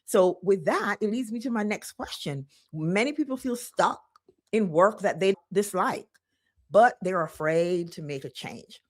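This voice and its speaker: A woman hosting a podcast, affirming her guest and asking long framed questions. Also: fairly low pitch. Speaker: podcast host. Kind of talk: podcast interview.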